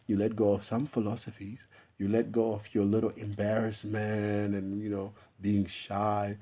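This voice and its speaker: A man's voice: fairly low pitch, mellow. A young man talking straight to camera in a loose, meandering monologue, laughing and swearing casually as he goes. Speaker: YouTuber. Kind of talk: unscripted rambling monologue.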